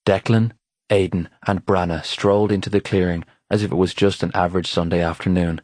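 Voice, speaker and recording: A man with a deep, low voice narrates an audiobook in a steady, even manner. The recording is close and very dry, with no room sound. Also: fairly quick, no room sound. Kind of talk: scripted narration.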